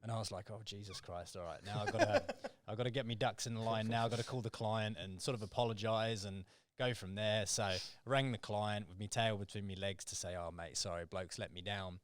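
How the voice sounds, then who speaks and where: A man's voice: on the low side, fairly even intonation, fairly quick, no room sound. A man, a recruiter, telling a work story in a laid-back, slangy casual chat.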